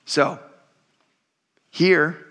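Bright, animated male preacher. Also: very slow. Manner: animated, conversational, laughs often; swings between low quiet asides and high excited stretches. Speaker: pastor. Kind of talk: sermon.

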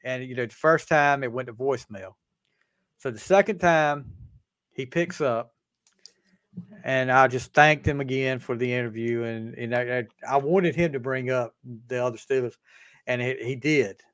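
A man's voice: medium pitch, normal speed, fairly bright tone, no echo, studio quality. A man hosting a sports podcast, chatting casually and animatedly as he tells stories and acts out quoted dialogue. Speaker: podcast host.

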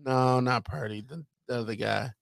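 A man co-hosting a sports podcast in casual chat, teasing and talking with lively emphasis. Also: mid-range voice, vocal fry, dry recording, studio quality. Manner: animated, teasing, drawn-out emphasis. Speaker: podcast co-host.

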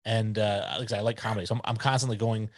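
A man's voice: on the low side, fairly even intonation, rapid-fire, no room sound. A man in his forties, a podcast guest chatting casually in an easygoing, opinionated way.

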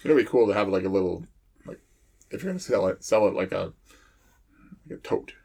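A man who works as a firefighter, telling fire stories in a rambling, halting way with lots of pauses and laughs. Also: low voice, animated, creaky, darkish tone, husky. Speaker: firefighter, podcast co-host. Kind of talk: casual chat.

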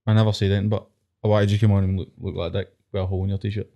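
A Scottish man, a podcast co-host, defending himself excitably in casual banter. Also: on the low side, rapid-fire.

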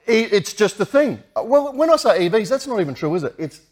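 A man's voice: high-pitched, sing-song, quick pace, darkish tone. A man co-hosting a casual show, cheeky and blunt, swearing in passing. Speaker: co-host. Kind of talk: casual banter.

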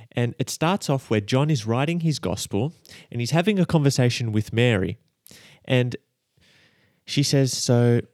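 A man's voice: lowish voice, no echo, clean studio sound. A young man hosting a devotional podcast, talking earnestly and conversationally and asking his listeners many rhetorical questions. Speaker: podcast host and high school teacher.

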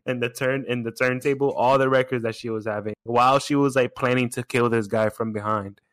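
A man co-hosting a podcast, chatting casually and excitedly, laughing often and restarting his sentences. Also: medium pitch, a little fast, no echo, clean studio sound. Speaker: podcast co-host. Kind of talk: casual chat.

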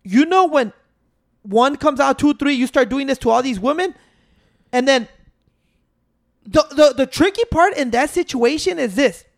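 Co-hosting a podcast, this man argues in a casual, profane debate and won't let interruptions stop him from completing his point. He keeps restarting to keep the floor. His very high, gravelly voice has lively intonation, moves at normal speed, and pauses often.

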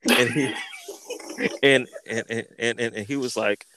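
A man hosting a podcast, telling a story in an animated, profane way, repeating words and acting out what people said. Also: mid-range voice, unhurried, dry recording. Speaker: podcast host. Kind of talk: casual storytelling.

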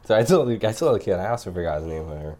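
A man's voice: sits low, sing-song, racing, warm tone. A young man chatting on a podcast, his voice rising and falling through every story as he acts out what people said. He laughs often between lines. A faint hiss sits under the recording. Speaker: podcast co-host. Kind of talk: casual chat.

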